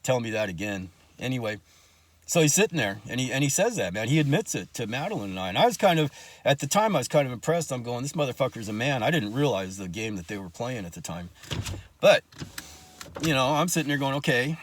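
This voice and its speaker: A man's voice: medium pitch, very animated, fast. A man telling his own life story in casual talk, blunt and profane, with angry asides.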